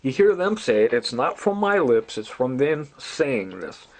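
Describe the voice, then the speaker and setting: A man's mid-range voice swings widely in pitch as he unhurriedly tells a rambling, agitated story about his personal grievances. He often quotes others throughout this recorded monologue.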